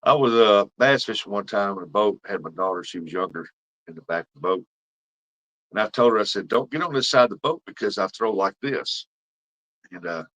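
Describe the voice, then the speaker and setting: A man's voice: lowish voice, expressive, a little fast, a bit bright, low-quality recording. A middle-aged man, rambling through fishing stories as he chats with viewers on his livestream. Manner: folksy rambling storyteller. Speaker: livestream host. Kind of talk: casual chat with viewers.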